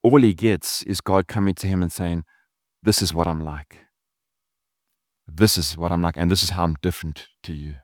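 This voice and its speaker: A man's voice: sits low, fairly even intonation, moderate pace, dry recording, clean studio sound. A man, a pastor, giving an earnest, conversational sermon with casual asides.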